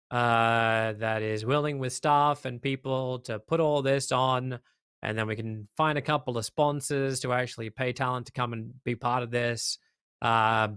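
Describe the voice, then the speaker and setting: An Australian man speaks as an interview guest, emphatic and quick to jump into voices of the people he describes. His delivery is animated and loose, full of fillers, in a mid-pitched voice. The sound is dry and close to the mic. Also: clear, resonant tone, no room sound. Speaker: esports caster, guest. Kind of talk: casual interview chat.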